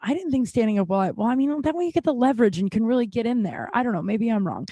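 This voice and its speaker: A woman in her forties hosts a solo podcast, chatting in a loose, candid, rambling way and swearing casually. Her high, lively, mellow voice comes rapid-fire through a dry, close studio podcast microphone with no room sound.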